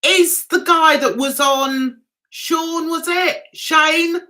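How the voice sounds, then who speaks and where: A woman's voice: extremely high pitch, very slow, bright, forceful tone. A middle-aged woman hosting a casual livestream, reading out comments, chatting to viewers and laughing often. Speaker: livestream host.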